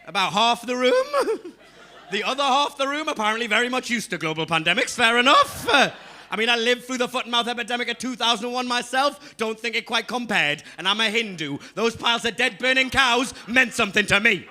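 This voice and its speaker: A man's voice: extremely high pitch, lively intonation, brisk, sharp tone. A young Englishman with a Geordie accent doing a live stand-up set. He chats straight to the audience and punches up his lines. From England. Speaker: stand-up comedian.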